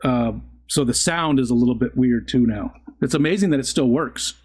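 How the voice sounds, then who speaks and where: A man's voice: medium pitch, normal speed, a little mellow. A middle-aged man hosting a casual live stream, chatting in an easygoing, rambling way and often stopping to restart his sentences. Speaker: livestream host reading chat. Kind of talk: casual chat.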